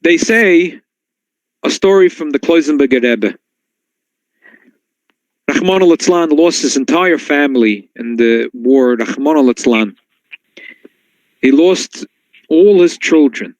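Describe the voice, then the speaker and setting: Male rabbi, sermon-style class, slightly high voice, dry and close, animated storyteller. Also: slow, pauses often, no room sound, poor audio. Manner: storytelling, swings to high excited tones when quoting. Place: synagogue.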